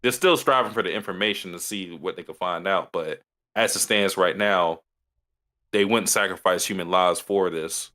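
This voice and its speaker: A man co-hosting a podcast in casual chat, recapping an anime episode with halting restarts. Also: low voice, pushed and bright. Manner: halting, restarts mid-sentence. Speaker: podcast co-host.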